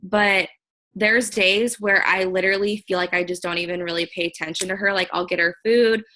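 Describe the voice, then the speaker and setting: A young woman talks to her team over a video call in a loose, earnest way, full of fillers and restarts. Her voice is bright and sits in a middle pitch. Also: steady tone, fairly quick, poor audio. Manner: chatty, filler-heavy, earnest. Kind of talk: casual motivational chat.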